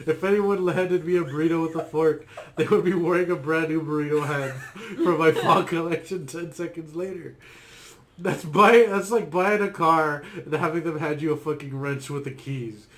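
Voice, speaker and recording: Podcast guy ranting, swears a lot, kinda high voice, over the top. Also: steady tone, normal speed, fairly bright tone. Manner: ranting, profane, theatrical reading of a comic rant. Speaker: podcast co-host. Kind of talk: casual podcast chat.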